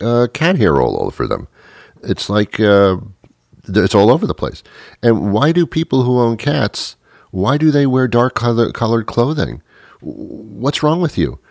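A man doing a rambling stand-up comedy monologue, slipping into quick character voices for his bits. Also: lowish voice, no room sound, studio quality.

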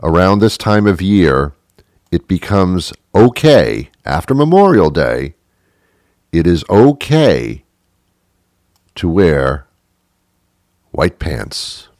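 A man hosting a comic monologue, ranting in a deadpan way with emphatic repetitions. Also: low voice, slow, pauses often, dry recording, studio quality. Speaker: host.

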